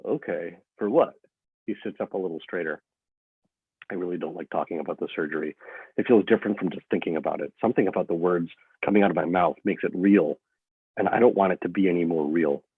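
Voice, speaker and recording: A man reading a first-person novel aloud in an expressive storytelling manner, over a lo-fi phone-like line. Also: low voice, quick pace, husky, no room sound. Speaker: author reading his own novel.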